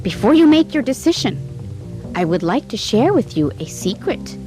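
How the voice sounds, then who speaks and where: A woman voicing a mysterious male stranger who speaks earnestly and gravely. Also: a little high, very animated, moderate pace, over music, pitched above the performer's own voice.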